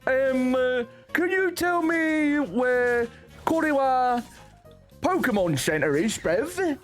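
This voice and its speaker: A high, blustering politician caricature with a put-on British accent stumbles through every phrase, slow and drawn out, padded with ums and uhs, as a man puts it on. The voice sits well above the performer's own. It is comic and hesitant throughout. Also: expressive, soft background music, heavily acted. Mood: bumbling. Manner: hesitant, drawn-out, filler-heavy. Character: blustering male politician impression, British-accented, fumbling Japanese.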